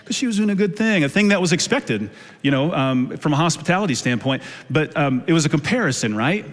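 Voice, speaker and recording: Man, pastor, sermon, chatty storytelling, fairly high voice, echoing church hall. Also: animated, a little fast. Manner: conversational storytelling with many fillers. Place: church sanctuary. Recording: long church hall reverb.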